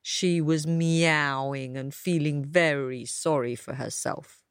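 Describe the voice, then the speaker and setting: A woman's voice: deep voice, measured pace, no echo, studio quality. A woman telling a children's story aloud and inviting young listeners to join in the animal noises.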